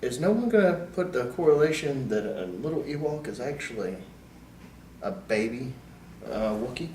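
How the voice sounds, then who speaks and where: Man, podcast guest, casual storyteller, animated, medium pitch, faint background hum. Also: moderate pace. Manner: animated, gets loud and excited in stories. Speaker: podcast guest, independent wrestler. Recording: roomy echo, distant mic, faint ambience.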